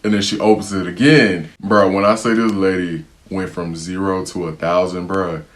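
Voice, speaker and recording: A young man telling a story to camera in a casual, slangy, animated way, acting out what people said. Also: sits low, normal speed. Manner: animated, slangy storytelling, repeatedly saying "bro", acting out quotes.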